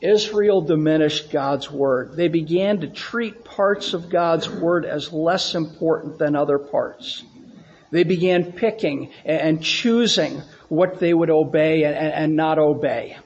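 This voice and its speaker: This muffled recording, carrying a faint hiss or hum, captures a pastor with a fairly high-pitched voice delivering an unhurried sermon in a church sanctuary. He repeats phrases to drive points home and asks his congregation questions.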